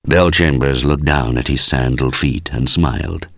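A man reading a story aloud as scripted narration, measured and expressive. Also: rumbling low, dry recording, clean studio sound. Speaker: audiobook reader.

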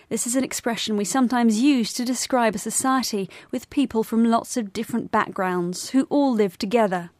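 A woman co-presenting a scripted educational podcast, explaining vocabulary clearly. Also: on the high side, a little mellow, no room sound, studio quality.

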